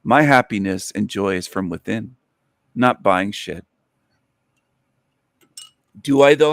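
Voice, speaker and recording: A male podcast host delivering a mocking, sarcastic rant in a mid-range voice. He hammers his points by repeating phrases. The sound is dry and close, with no room echo. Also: mid-range voice. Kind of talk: solo podcast commentary.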